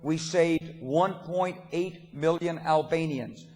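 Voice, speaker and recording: An older man delivers a dinner keynote in a somewhat high voice, spinning emphatic anecdotes with dry, folksy humor. His words ring out with the long reverb of a large banquet hall. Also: slow pace, darkish tone. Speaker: keynote speaker. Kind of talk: political dinner speech.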